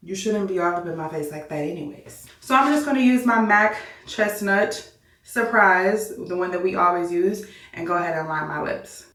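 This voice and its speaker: A bubbly woman of thirty chats through her everyday makeup routine and hypes up her own look to her viewers. Her voice sits in a middle pitch range. She sounds a little off-mic in a roomy space with echo. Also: a bit bright, distant mic. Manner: bubbly, self-hyping, talks to viewers. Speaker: beauty vlogger. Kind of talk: casual makeup tutorial chat.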